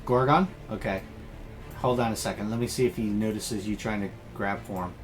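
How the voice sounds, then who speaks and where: A man running a tabletop game as game master, calmly talking players through rules and moves. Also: on the low side, brisk, faint music behind. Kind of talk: running a tabletop game, voicing villains in narration.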